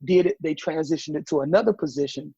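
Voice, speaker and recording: Southern man in his guest seat, husky and pitched a bit high, tells lively stories and acts out the voices in them. Dull, muffled podcast sound. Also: fast talker, no room sound. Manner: animated storyteller acting out quoted voices. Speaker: podcast guest, business owner. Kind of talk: casual interview chat.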